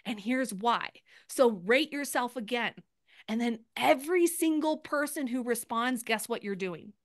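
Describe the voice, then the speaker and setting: A woman coaching a group over a video call, upbeat and quick, often acting out sample posts in lively bursts. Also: fairly high pitch, no echo, studio quality. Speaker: sales coach.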